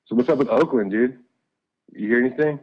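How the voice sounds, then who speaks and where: A man talks casually over a video call that sounds dull and lo-fi. His speech is slangy and loose, with plenty of swearing. His pitch sits in the middle. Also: brisk, breathy edge. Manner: slangy, says "dude" and "bro". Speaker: caller. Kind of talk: casual chat.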